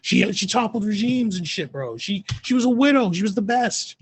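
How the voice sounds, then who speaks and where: A man talking movies with a friend, his voice sitting a little high for a guy. He gets animated and acts out scenes in put-on voices, swearing as he goes. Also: moderate pace, poor audio. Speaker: podcast co-host. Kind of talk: casual chat.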